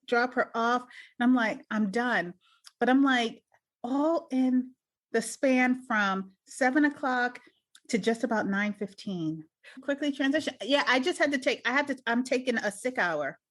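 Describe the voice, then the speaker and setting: A woman in casual conversation, telling a lively story and acting out the people in it. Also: moderate pace. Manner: animated, acts out quotes in higher voice. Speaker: podcast guest.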